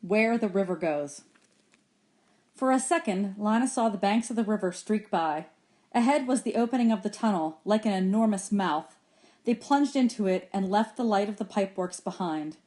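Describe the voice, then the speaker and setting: A woman reads a children's novel aloud for her students. Her voice sits in an ordinary middle range. She reads with expression and raises her pitch when the characters speak. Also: animated, normal speed, darkish tone. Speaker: teacher reading aloud to students. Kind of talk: audiobook chapter reading.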